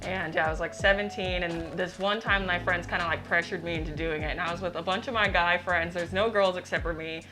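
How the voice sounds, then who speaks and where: A woman's voice: lowish voice, fairly quick, few pauses, music in the background. Chatty young woman telling a story. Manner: chatty, leans on filler words, animated retelling. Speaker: delivery manager at a cannabis dispensary. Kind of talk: casual interview storytelling.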